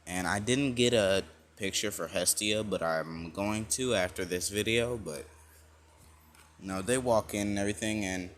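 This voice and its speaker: Slow, rambling man telling a fan story. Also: lowish voice, a bit bright, a little hiss or hum. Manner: rambling, full of fillers and self-corrections. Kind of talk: casual spoken storytelling.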